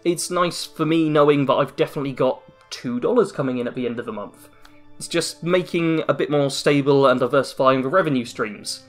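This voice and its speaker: A man's voice: mid-range voice, brisk, faint music behind. A young man hosting a casual end-of-year channel update from a dim room at home, rambling with self-mocking jokes. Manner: rambling, self-deprecating, jokey asides. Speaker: YouTube channel host. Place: dim room at home after a work shift.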